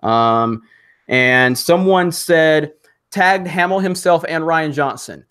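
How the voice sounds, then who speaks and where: A man from Alabama hosting a casual live stream, rambling with many fillers and restarts and quick to laugh. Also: fairly high pitch, bright, forceful tone, clear, resonant tone.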